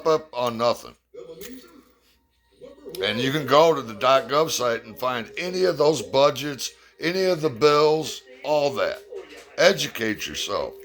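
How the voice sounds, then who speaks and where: A man's voice: medium pitch, fairly bright tone. A man from the United States giving a blunt, profane opinion rant and telling a fable.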